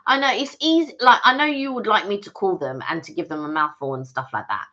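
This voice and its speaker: A woman co-hosting a casual live stream, explaining her point earnestly. Her voice is bright and swings widely in pitch. The sound is slightly dull and lo-fi. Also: lively intonation, fairly quick. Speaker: channel co-host.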